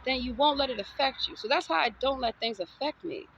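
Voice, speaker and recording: A woman's voice: high-pitched, brisk, vocal fry, a bit bright, lo-fi sound, a little hiss or hum. A woman from the States, giving a sassy, defiant, preachy motivational monologue. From Southern United States. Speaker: vlogger.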